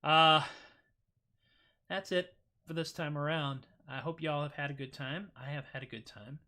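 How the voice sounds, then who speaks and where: A man's voice: fairly high pitch, normal speed, pushed and bright. A middle-aged man hosting a casual livestream, rambling and joking through his thanks and plugs with plenty of fillers. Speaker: livestream host.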